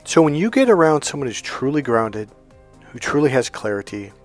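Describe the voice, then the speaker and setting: A man's voice: medium pitch, very animated, normal speed, faint music behind. A man coaching in a casual motivational monologue, talking conversationally with frequent restarts and quoted dialogue. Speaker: dating and healing coach.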